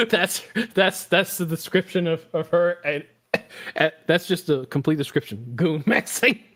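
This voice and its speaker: A man's voice: on the high side, unhurried, fairly bright tone. A man hosting a casual podcast, rambling and joking with lots of swearing. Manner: rambling, profane and jokey. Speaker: podcast host.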